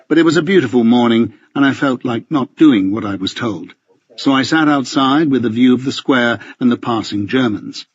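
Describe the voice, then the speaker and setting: A man's voice: mid-range voice, husky, lo-fi sound. A man narrating a first-person audiobook with a dry, wry, understated delivery.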